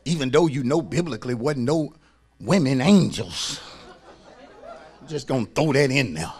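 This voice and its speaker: A male pastor preaching a sermon in church, swinging from soft asides to shouting and calling on the congregation to respond. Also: mid-range voice, lively intonation, unhurried. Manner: colloquial, calls on the congregation to respond.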